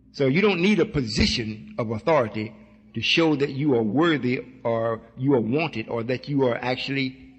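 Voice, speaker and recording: Brief: husky male preacher, folksy teaching, rings in a reverberant hall. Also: medium pitch. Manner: folksy preaching, acts out voices. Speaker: religious teacher. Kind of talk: sermon-style teaching with questions.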